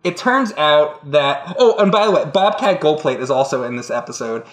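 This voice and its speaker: A man's voice: fairly high pitch, animated, normal speed. Give me a rambling, laughing man telling stories. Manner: rambling, laughing storyteller with restarts and acted-out voices. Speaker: co-host. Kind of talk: casual chat. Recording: roomy echo.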